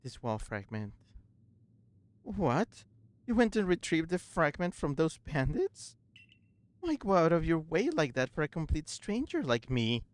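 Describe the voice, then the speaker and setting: A man reading the lines of a stubborn, guarded elderly woman in a low, subdued voice. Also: big pitch swings, a little slow, no room sound. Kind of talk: reading game dialogue aloud.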